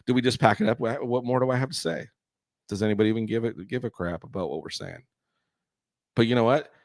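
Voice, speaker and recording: A man's voice: mid-range voice, fast, no echo. A man from California co-hosting a podcast in casual chat, rambling and self-correcting, with a slight crackle in his voice. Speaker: podcast co-host and artist.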